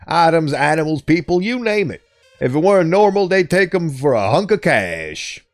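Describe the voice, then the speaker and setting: A man's voice: fairly high pitch, very animated, moderate pace, faint music behind, voice pushed up. A man voicing a wary, plain-spoken local man with a folksy drawl.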